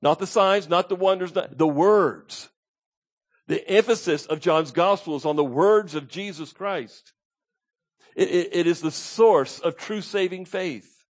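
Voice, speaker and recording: A man's voice: high-pitched, measured pace. A man preaching a sermon as pastor, emphatic, repeating his key points and asking the congregation to call out answers.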